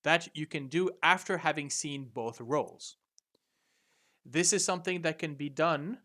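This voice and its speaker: Over a video call, a male game master explains the rules of a tabletop game hesitantly, full of fillers and restarts. His voice is a little high and sharp in tone, at a measured pace.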